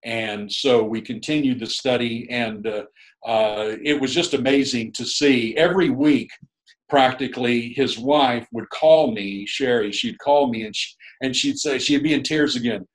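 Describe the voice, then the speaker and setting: A man's voice: mid-range voice, measured pace, low-quality recording. A middle-aged man, a guest minister, telling a long story in a rambling, chuckling, casual way with many restarts.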